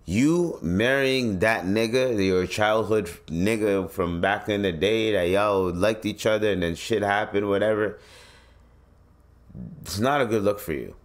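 A man's voice: lowish voice, unhurried. A man hosting a solo podcast, giving blunt, profane commentary in a casual ranting manner. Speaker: podcast host.

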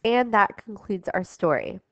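A woman's voice: mid-range voice, expressive, a little slow, fairly bright tone, dry recording. A woman teacher reading a storybook aloud expressively, then giving class instructions. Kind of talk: storybook read-aloud lesson. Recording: dull dry lo-fi recording.

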